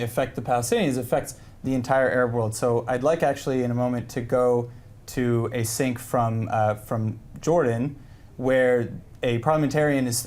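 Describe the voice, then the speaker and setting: A man's voice: mid-range voice, a little mellow. A man moderates a live news panel, steering the talk and announcing what comes next. He hesitates often, restarting his sentences as he goes. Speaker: news host.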